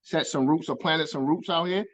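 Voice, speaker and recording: A man, a guest chatting casually on a video call, relaxed and full of "you know what I'm saying.". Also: on the high side, moderate pace, no echo, rough recording. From New York. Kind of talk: casual chat.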